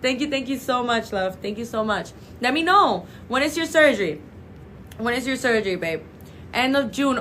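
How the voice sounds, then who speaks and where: A young woman hosting a clinic's live stream from its office on a phone, chatting warmly with viewers and calling them babe and girl. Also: a little high, normal speed, slight background noise. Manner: gushing, affectionate, calls viewers babe and girl. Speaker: clinic livestream host.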